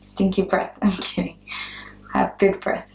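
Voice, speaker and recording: A woman's voice: mid-range voice, flat delivery, measured pace, darkish tone, roomy sound. A woman teaching an English lesson, patiently repeating words and giving simple examples. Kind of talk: slow, clear English lesson.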